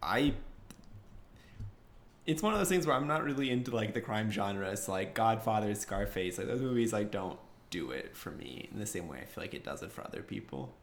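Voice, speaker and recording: A man's voice: fairly low pitch, expressive. Giggly man in casual podcast chat. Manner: giggly, halting, lots of restarts. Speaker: podcast co-host.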